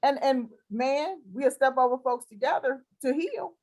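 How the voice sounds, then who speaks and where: A woman's voice: sits high, animated, unhurried, a little mellow. A woman hosting a faith-based conversation, speaking in an encouraging, affirming, preacher-like cadence.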